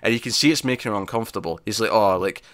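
A man hosting a podcast, retelling a TV episode in casual chat, animated and laughing, with many fillers and restarts. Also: lowish voice, racing, dry recording. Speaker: podcast host reviewing a TV episode.

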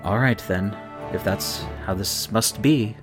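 A man's voice: on the low side, over music, lightly acted. A man playing a wry, formal pirate captain. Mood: resigned. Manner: formal, measured speech.

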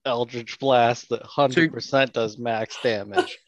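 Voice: medium pitch, fairly even intonation, slow pace, a little hiss or hum. A player in a tabletop role-playing game, joking and hesitant, often restarting sentences. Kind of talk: casual tabletop game play.

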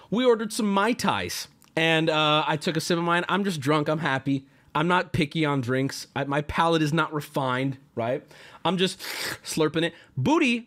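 A man in his thirties casually telling a story to his stream, swearing freely and acting out his friends' lines in a lower voice. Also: a bit bright.

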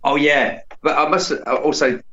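A man's voice: fairly high pitch, level tone, moderate pace, a bit bright. A tired man just off work, giving rambling, hesitant opinions in a casual chat about a film. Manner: rambling, hesitant, with many fillers. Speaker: film reviewer guest. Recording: dull lo-fi sound.

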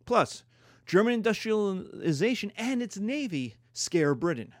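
A man's voice: medium pitch, dry recording, studio quality. A man giving a playful history lecture, acting out countries in silly voices.

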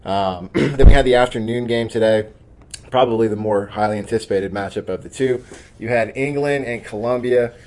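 A man's voice: medium pitch, normal speed, background noise. A man hosting a sports betting podcast in casual chat, brash and joking as he hypes his own picks. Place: studio office.

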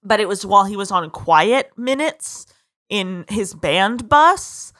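A woman's voice: medium pitch, animated, slow pace, fairly bright tone. A woman co-hosting a podcast in casual chat, telling rambling stories with giggles. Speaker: podcast co-host.

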